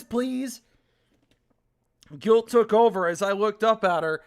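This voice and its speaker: A woman's voice: a little high, slow. A woman streamer playing a visual novel live, reading its text aloud and ranting in exasperation about its grammar, often swearing. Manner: reads game text aloud in a flat voice. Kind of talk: live-streamed game playthrough with commentary.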